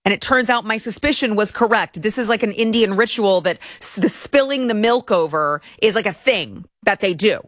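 A woman from Texas hosts a commentary livestream in a steady mid-range voice. She rants with indignation, tripping over restarts. The sound is close and dry. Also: mid-range voice, normal speed, hardly any pauses, no echo. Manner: indignant ranting with many restarts. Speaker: political commentary host.

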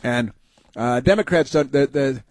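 Male talk host, mid-pitched, close dry studio mic, rambling and sarcastic. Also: a little slow, darkish tone, dry recording. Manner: rambling, sarcastic, many fillers and restarts. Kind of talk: opinionated talk show monologue.

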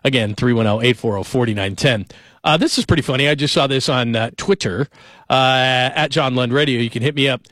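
A man's voice: medium pitch, a little fast, a bit bright, dry recording. A man in his forties hosting a sports radio show, chatting casually and telling joking stories at a studio microphone.

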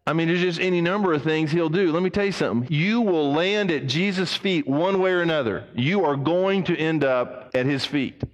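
A man preaching a sermon as a pastor, emphatic, his voice swinging between raised and hushed passages. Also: on the high side, normal speed, few pauses, long reverb tail.

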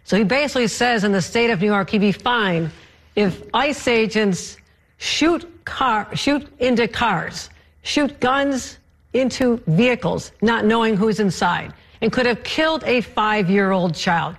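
A woman's voice: a little high, animated, measured pace. A woman arguing as a candidate in a political debate, firm and emphatic, repeating phrases for stress. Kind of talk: debate argument.

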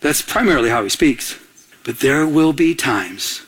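A middle-aged man preaching a sermon, telling personal stories in an animated way and often repeating words as he restarts. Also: fairly high pitch, measured pace, husky. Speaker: pastor.

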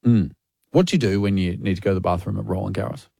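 A man's voice: sits low, quick pace, creaky, mellow, slightly rough, dry recording, clean studio sound. A man with an Australian accent hosting a radio show, telling a story in a jokey, casual way. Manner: jokey storyteller leading the segment. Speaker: radio host. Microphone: studio microphone.

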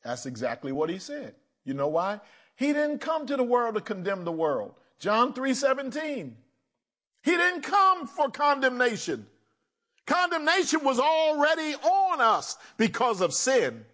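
A man preaching a sermon as pastor, animated, swinging between loud emphasis and quiet asides. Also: very high-pitched, a little slow.

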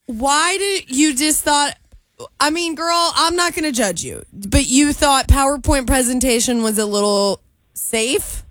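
Teasing woman radio co-host, high pitch, dry close sound. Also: unhurried, a bit bright, no room sound. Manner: teasing and playful.

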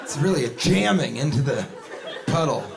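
High-voiced stand-up comic over crowd laughter. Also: male voice, normal speed, vocal fry. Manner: animated storytelling, bursts into shouted bits. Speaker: stand-up comedian. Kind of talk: stand-up comedy set. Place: comedy club stage. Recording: live club recording with crowd laughter and noise. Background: audience laughter.

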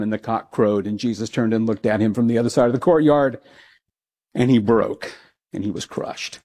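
A man's voice: lowish voice, fairly even intonation, normal speed, darkish tone. A man, a pastor, teaching a Bible passage in a conversational sermon, with frequent asides and restarts. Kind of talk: expository sermon.

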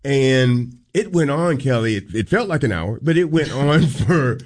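A man co-hosting a radio show, telling a personal story on air in a casual, earnest, halting way. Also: mid-range voice, animated, darkish tone.

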